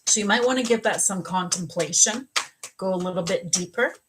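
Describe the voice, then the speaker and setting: Amid background noise, a psychic medium and spiritual coach talks briskly in a medium-pitched voice during a casual livestream. She shares a story from her own life, voicing the different parts of the conversation herself.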